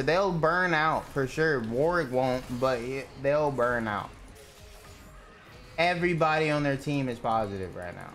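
Young man, streamer, live game commentary, angry profane ranting, slightly high voice, unhurried delivery. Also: lively intonation, a bit bright, soft background music. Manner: irritated, profane ranting at teammates.

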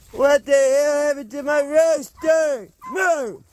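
A man's voice: very high voice, steady tone, takes it slowly, few pauses, slight background noise. A man vlogging outdoors on his homestead, bantering playfully with his chickens and roosters. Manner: playful, jokey banter with farm animals. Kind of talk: casual vlog narration. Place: outdoors on a homestead among poultry.

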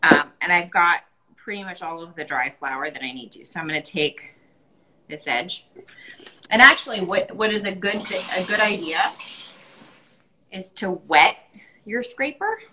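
A woman's voice: on the low side, moderate pace, long pauses, background noise. A tired young woman in a casual how-to chat, patiently explaining baking steps with a playful edge. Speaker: actress showing how to bake bread.

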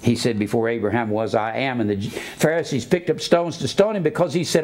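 A man's voice: fairly quick, hardly any pauses, a little mellow. Emphatic preaching man. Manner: spells out words letter by letter; swings between low asides and raised emphatic preaching. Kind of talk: sermon.

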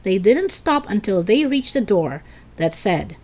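A woman storyteller reading a children's chapter book aloud in an expressive, dramatic way. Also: mid-range voice, measured pace.

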